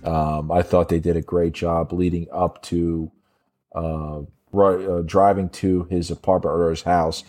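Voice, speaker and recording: In a casual film review podcast, a male co-host speaks with a low, slightly mellow voice, flat delivery and measured pace. He's blunt, mocking and swears freely, with faint synth music in the background.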